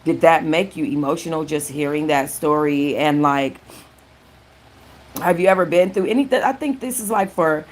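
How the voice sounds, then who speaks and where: Low-voiced woman chatting about a book. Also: moderate pace. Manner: chatty, restarts often, thanks viewers mid-sentence. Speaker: book channel host. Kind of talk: casual live-stream book chat.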